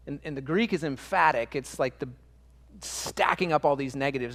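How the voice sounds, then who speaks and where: Male pastor, higher-pitched voice, earnest emphatic sermon delivery with restarts and repetition. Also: lively intonation, normal speed, fairly bright tone, big-room sound. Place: church.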